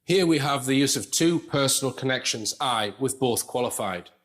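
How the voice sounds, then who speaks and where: A man's voice: medium pitch, animated, normal speed, fairly bright tone. A man presenting an analytical commentary in a conversational way, explaining with asides.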